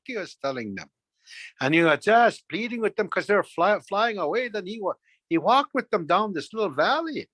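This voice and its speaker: A man's voice: high-pitched, sing-song, normal speed, a bit bright, no room sound. A man narrating a traditional folk tale with repetitive, rhythmic phrasing. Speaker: storyteller. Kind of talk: oral folk storytelling.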